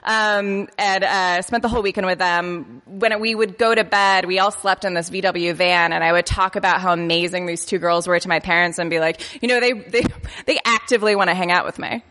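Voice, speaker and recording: A woman's voice: fairly low pitch, fairly even intonation, fairly quick, fairly bright tone. A woman telling a personal anecdote in a self-deprecating way, tripping over her words and laughing as she goes. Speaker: storyteller. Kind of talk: personal anecdote told to an audience. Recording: long reverb of a hall.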